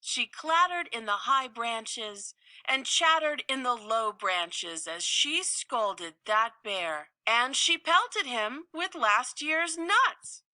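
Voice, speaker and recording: Slow, lively storytelling woman. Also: fairly high pitch, no echo, studio quality. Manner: slow, expressive, playful delivery. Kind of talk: storybook read-aloud.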